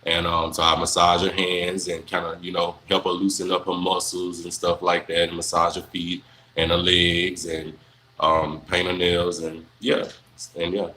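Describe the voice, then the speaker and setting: A young man, chatting casually on a livestream, answering viewers in a relaxed, rambling way full of fillers. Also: sits low, normal speed, a little hiss or hum, poor audio. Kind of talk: casual live Q&A chat.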